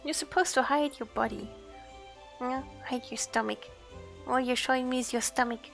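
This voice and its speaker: A woman streaming a game, chatting softly and cooing to her cat in baby talk. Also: high voice, normal speed, creaky, faint music behind. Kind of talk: casual game stream chat.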